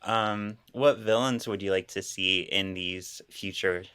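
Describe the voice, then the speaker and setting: A man's voice: low voice, steady tone, measured pace, bright, forceful tone, smooth. A man hosting a podcast, playful and teasing, throwing in cheeky jokes. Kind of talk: casual chat.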